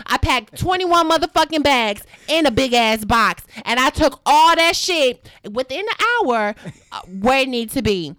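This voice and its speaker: A woman's voice: sits high, expressive, normal speed, fairly bright tone, dry recording, clean studio sound. A woman casually telling a story in a blunt, profane way, acting out the dialogue.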